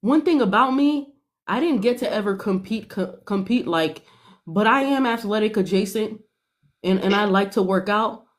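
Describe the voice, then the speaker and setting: A woman's voice: medium pitch, moderate pace. Laughing, sassy young woman. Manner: animated, laughing, sassy asides. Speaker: podcast panelist. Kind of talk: casual reality-show commentary.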